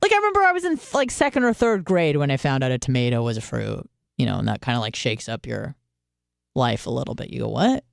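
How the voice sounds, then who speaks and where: A woman's voice: very deep voice, very animated, fast, gravelly, no room sound, clean studio sound. Profane young woman radio host. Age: 20s. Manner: candid, profane, self-deprecating storytelling. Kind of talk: casual monologue.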